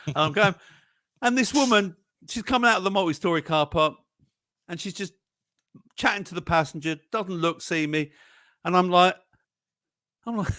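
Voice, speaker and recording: A man's voice: sits high, moderate pace, long pauses, bright, forceful tone, dry recording. A man, co-hosting a live chat show, telling stories and laughing often. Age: 60s. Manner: chatty, laughs often, tells stories animatedly. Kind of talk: casual chat reading viewer comments.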